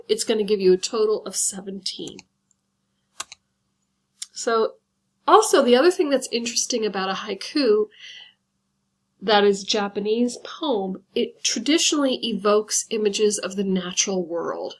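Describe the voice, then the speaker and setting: A woman teacher giving a recorded lesson, patiently explaining step by step and slowing down to count things out. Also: medium pitch. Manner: patient, instructive, guides step by step.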